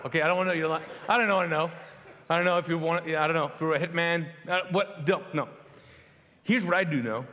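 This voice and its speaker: Middle-aged pastor guy from pakistan, storytelling sermon, kinda high voice, big hall reverb. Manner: animated storyteller, acts out quotes, self-deprecating humor. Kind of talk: conversational sermon with stories. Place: large church hall.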